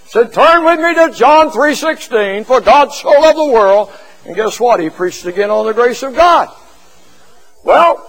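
A male preacher telling a story and preaching a sermon, rising to shouts at the high points. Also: poor audio.

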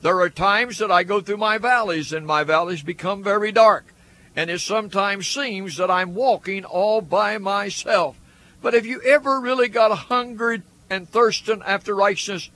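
A man's voice: high-pitched, normal speed, bright, forceful tone. A man preaching a radio sermon, earnest and building through repeated phrases. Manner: earnest, repetitive preaching cadence.

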